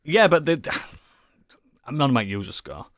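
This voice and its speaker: A man chatting casually as a podcast co-host, rambling and enthusiastic, swearing often and filling pauses with ums and likes. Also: medium pitch, very animated, no echo, clean studio sound. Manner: rambling, enthusiastic, swears a lot, many fillers. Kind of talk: casual chat.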